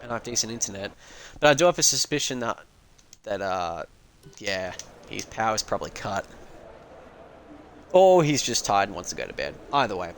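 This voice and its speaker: A man's voice: on the low side, sing-song, moderate pace, pauses often, slight background noise, rough recording. A man giving casual, rambling live commentary on a sim racing stream, full of joking asides.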